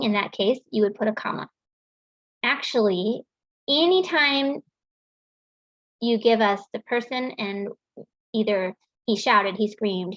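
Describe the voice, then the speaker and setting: A woman's voice: medium pitch, dry recording. A woman teaching a writing lesson, explaining patiently with frequent ums and restarts. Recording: dull, lo-fi sound in a dry room.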